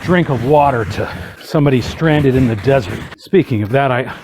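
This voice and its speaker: A man's voice: medium pitch, normal speed, darkish tone, a little hiss or hum. A man hosting a casual how-to tutorial, chatty and folksy, with joking asides. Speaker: hot tub channel host.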